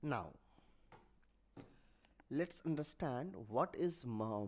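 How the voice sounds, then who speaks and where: A man teaching a grammar lesson online, explaining terms step by step and often pausing to correct himself. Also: mid-range voice, animated. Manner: halting, with restarts and self-corrections; writes examples while explaining.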